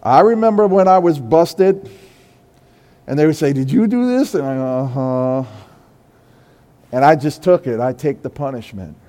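A pastor preaching a sermon in a church, moving between quiet confession and loud, high-pitched exhortation. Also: male voice, normal speed, in a large hall. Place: church sanctuary.

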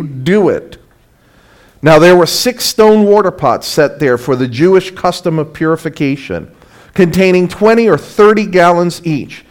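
A man preaching a sermon, emphatic, swinging from loud exclamations to hushed, drawn-out lines. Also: sits high.

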